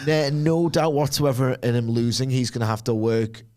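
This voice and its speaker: A man talking casually as co-host of a podcast. He rambles through his points, throwing in jokes and quick asides. His voice sits at an ordinary middle pitch. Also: a little mellow. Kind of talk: casual chat.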